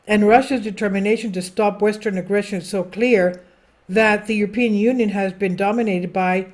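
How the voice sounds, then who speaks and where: A woman's voice: medium pitch, a little mellow. A woman hosting a political commentary channel, reading a news article aloud with her own asides, self-corrections and stumbles over foreign names.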